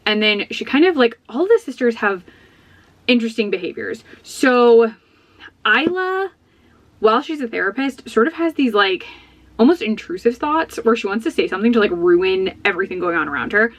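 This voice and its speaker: A woman's voice: fairly high pitch, animated, moderate pace, no room sound. A woman book vlogger chatting casually, whispering in a library and then talking upbeat about a book. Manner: whispering softly on a library walk. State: out of breath. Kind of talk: casual vlog chat. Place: public library.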